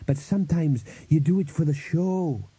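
A man acts out a dreamy young guitarist, soft, slow and wistful. The voice is lifted above the narrator's own, still husky, and the read is dry and close. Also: fairly high pitch, no room sound, voice pushed up.

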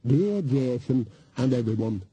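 A man's voice: medium pitch, lively intonation, unhurried, dark tone, breathy edge, poor audio. A man voicing a cheerful, mischievous old woman witch who talks chattily, read as an audiobook character. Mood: chatty.

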